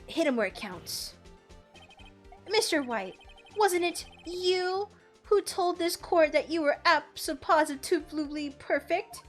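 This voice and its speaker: A woman's voice: extremely high pitch, expressive, takes it slowly, soft background music, pitched above the performer's own voice, full character voice. A woman voicing an earnest young male defense lawyer in a courtroom video game, reading his lines dramatically. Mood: confident.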